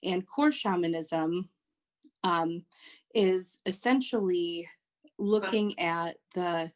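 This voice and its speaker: A woman, a social worker and Reiki practitioner, explaining her work as a podcast guest in a halting way with many fillers. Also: fairly low pitch. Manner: hesitant, many ums and restarts. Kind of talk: podcast interview.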